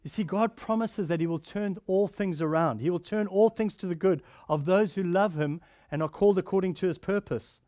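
Earnest high-voiced male preacher, dry sound. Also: a little fast, hardly any pauses, dry recording. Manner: earnest preaching, rising to emphatic then dropping soft and quiet. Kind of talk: sermon.

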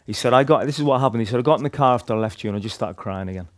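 A man's voice: mid-range voice, rapid-fire. A man with a Northern Irish accent tells a personal faith story to a group in a chatty, rambling way, full of restarts and "like". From Northern Ireland. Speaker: speaker sharing a testimony.

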